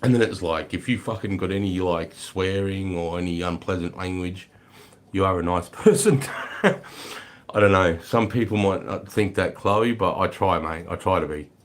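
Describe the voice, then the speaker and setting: Laid-back deep-voiced Australian man chatting live. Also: moderate pace, slight background noise. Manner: swears freely, laid-back, greets chatters as mate and brother. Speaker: livestream host. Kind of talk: casual livestream chat reading comments.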